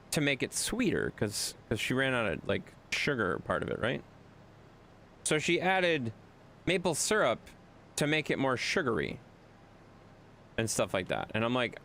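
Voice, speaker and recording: Male streamer, mid pitch, very expressive, rambling casual chat to viewers. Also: a little hiss or hum. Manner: rambling, animated storyteller addressing chat. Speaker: gaming streamer.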